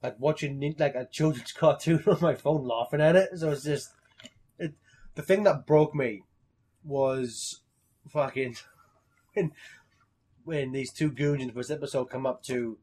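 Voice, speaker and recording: A young man co-hosting a casual podcast chat, animated and swearing freely, often acting out lines he quotes. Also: medium pitch, a little slow, pauses often, husky. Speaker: podcast co-host.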